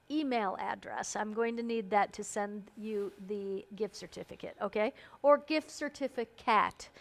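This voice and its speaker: A woman hosting a live stream, chatting casually and bubbly as she calls out giveaway winners by name. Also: a little high. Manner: bubbly, chatty, playful emphasis on names. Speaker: host.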